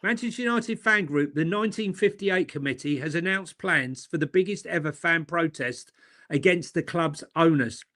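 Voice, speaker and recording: A man's voice: on the high side, normal speed, fairly bright tone. A man hosting a football podcast, reading out news items and then joking about them. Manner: reads out news items, then jokes and laughs. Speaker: host. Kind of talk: casual chat.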